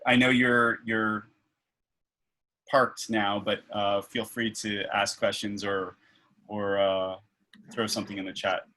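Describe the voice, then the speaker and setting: Male workshop instructor, lowish voice, loose thinking-aloud demo style over a video call. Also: level tone, takes it slowly, pauses often, sharp tone, rough recording. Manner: thinking aloud with many fillers and restarts. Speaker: instructor leading a faculty workshop. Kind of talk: online workshop demonstration.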